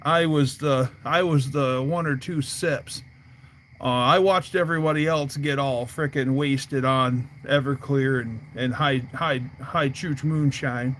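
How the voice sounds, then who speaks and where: A man's voice: mid-range voice, steady tone, measured pace, fairly bright tone, slight background noise. A man hosting a casual livestream from outdoors by his garage, telling rambling stories full of fillers. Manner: rambling storyteller, many fillers. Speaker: livestream host. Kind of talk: casual chat.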